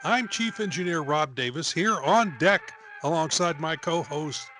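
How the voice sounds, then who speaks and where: A man's voice: on the high side, lively intonation, unhurried, bright, forceful tone, a little hiss or hum. A man hosting a podcast in casual chat who laughs easily and reads out credits. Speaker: podcast host.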